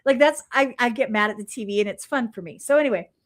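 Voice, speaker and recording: A woman chatting casually, telling animated stories and swearing freely. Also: a little high, fast. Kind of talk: casual chat.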